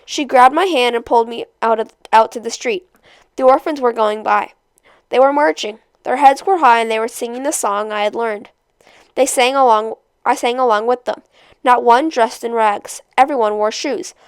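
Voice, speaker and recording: A woman reading a novel aloud chapter by chapter, in a steady, measured storytelling voice. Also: a little high, smooth, dry recording. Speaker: storybook reader.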